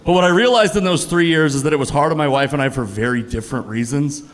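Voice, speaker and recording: A man in his thirties performing a stand-up comedy set on a club stage, with a punchy, animated delivery that jumps up on the punchlines. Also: a little high, quick pace. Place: comedy club stage before a laughing audience.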